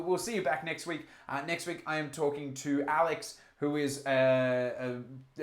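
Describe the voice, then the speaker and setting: A man with an Australian accent hosts a live stream, chatting casually with many fillers and restarts while reading out chat comments. His voice is medium-pitched and reverberant.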